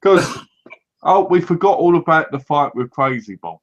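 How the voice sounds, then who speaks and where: A man co-hosting a movie review, retelling scenes in a lively way and often laughing. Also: fairly high pitch, moderate pace. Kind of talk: casual chat. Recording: dull lo-fi home recording.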